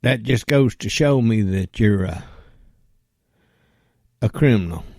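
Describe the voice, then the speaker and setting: A man's voice: sits low, a little mellow, dry recording, clean studio sound. A man delivering an angry, profane rant that he aims straight at a politician. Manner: blunt and profane, addresses a politician directly.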